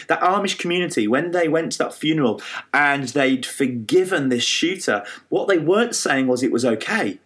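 A man preaching a sermon, retelling a parable with lively storytelling, frequent fillers and restarts. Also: mid-range voice. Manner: animated storytelling with many fillers and restarts, acting out quoted voices.

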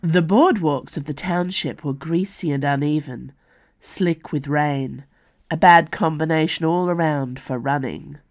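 A woman author reading her own fantasy novel aloud as scripted audiobook narration, measured and deliberate. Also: deep voice, darkish tone.

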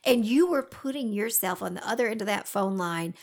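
A woman joins a casual couple's chat, teasing her partner with playful jabs and a ready laugh. Her voice has a gravelly fry through it. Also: medium pitch, lively intonation, normal speed, few pauses.

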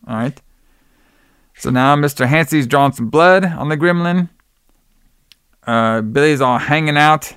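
A man's voice: medium pitch, normal speed, pauses often, a bit bright, smooth, dry recording, studio quality. A man co-hosting a podcast, recapping a film scene by scene and acting out the characters' lines. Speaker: podcast co-host.

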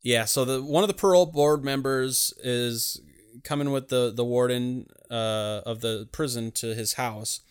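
A man casually recapping a film in a rambling, profane, animated way. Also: mid-range voice, measured pace, smooth.

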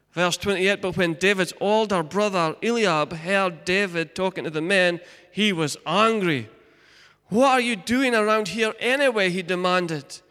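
A male pastor preaching a sermon, reading scripture and telling the story with lively asides to the congregation. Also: high voice, smooth, long reverb tail.

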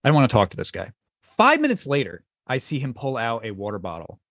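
A man hosting a casual podcast chat, telling stories in an animated way and swearing casually. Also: medium pitch, fast talker, no room sound. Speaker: podcast host.

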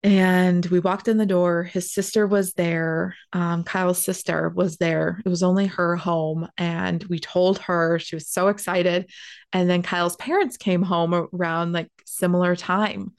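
A young woman with a fairly low-pitched voice tells a personal story in a chatty, animated way. She fills her sentences with "like" and runs on eagerly from one detail to the next. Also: unhurried. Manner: animated, chatty, heavy use of "like".

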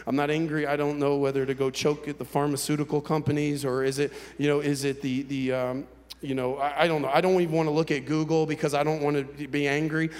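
A male pastor telling a personal story in a sermon, candid and conversational, with halting restarts. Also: a little high, level tone, a little mellow. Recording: long hall reverb.

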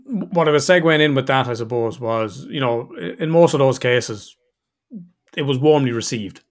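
A man's voice: mid-range voice, normal speed. A man in casual chat, laid-back, who swears freely and trails off at the ends of his sentences.

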